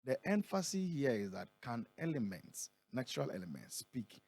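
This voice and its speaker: A Ghanaian man who is a prophet, speaking in a radio interview and reading scripture aloud, slowing down and building on the key words. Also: mid-range voice, big pitch swings, a little mellow. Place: radio studio.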